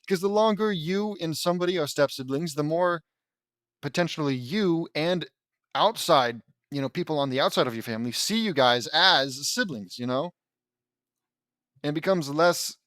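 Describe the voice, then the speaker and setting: A man's voice: fairly high pitch, dry recording, clean studio sound. A man reading fan fiction aloud, breaking off for sarcastic, complaining asides. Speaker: audiobook reader.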